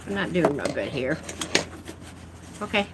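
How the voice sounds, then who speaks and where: This woman's deep voice swings widely in pitch and moves a little slowly, over very noisy audio. She rambles casually through an art supply unboxing vlog, mouth full, tossing in jokes at her own expense.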